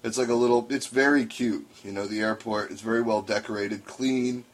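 A man's voice: fairly low pitch, normal speed. A man casually telling a story on a podcast, swearing freely and acting out what people said. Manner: animated storytelling with profanity and acted-out quotes. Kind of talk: casual chat.

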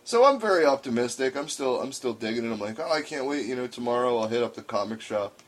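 A man's voice: mid-range voice, quick pace. A man casually telling a story on a podcast, swearing freely and acting out what people said. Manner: animated storytelling with profanity and acted-out quotes. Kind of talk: casual chat.

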